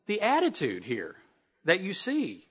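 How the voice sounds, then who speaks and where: A man's voice: sits high, wildly swooping pitch, a little slow, husky, muffled recording. A man preaching a sermon, reading Bible verses aloud and breaking off to talk directly to his listeners. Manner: reads verses aloud with emphatic asides to the congregation.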